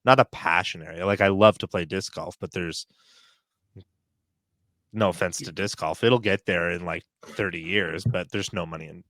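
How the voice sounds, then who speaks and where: A man's voice: deep voice, bright, forceful tone, no echo, studio quality. A man co-hosting a podcast, chatting casually and ranting with laughs. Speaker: podcast co-host. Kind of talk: casual chat.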